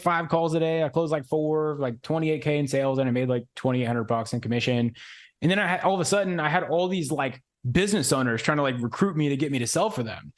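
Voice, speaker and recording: A man in his twenties, a podcast guest telling a story in loose, slangy casual chat full of "like" and "bro". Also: fairly high pitch. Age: 20s.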